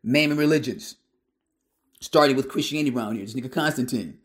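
Guy preaching hard, medium pitch, blunt and emphatic, lots of "you understand?" style questions and slang. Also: a little fast. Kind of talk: preaching monologue.

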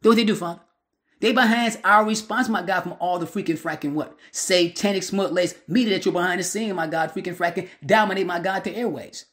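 A man with a notably high voice delivers a fiery street sermon. He talks in a slangy, emphatic way, circling back on the same interjections again and again. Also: a little fast, a bit bright. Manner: emphatic, repetitive filler phrases, slangy. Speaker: street preacher. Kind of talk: preaching sermon.

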